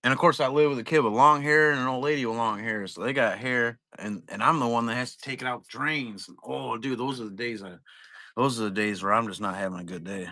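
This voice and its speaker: A man running a card break stream, talking loose and rambling with plenty of cursing. His voice is bright and forward, and it sounds dry and close with hardly any room around it. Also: medium pitch, brisk, no echo. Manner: rambling, profane, laid-back. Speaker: trading card break seller. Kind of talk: casual livestream chat.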